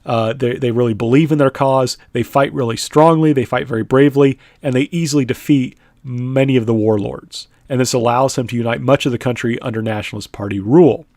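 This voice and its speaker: A man gives a recorded history lecture in an easy, conversational way, often pausing to check with "right?" and filling gaps with "uh." His voice sits in a middle pitch. The recording is dry and close, with no room echo. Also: darkish tone. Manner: conversational, frequent "right?" and "uh" fillers. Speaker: history teacher.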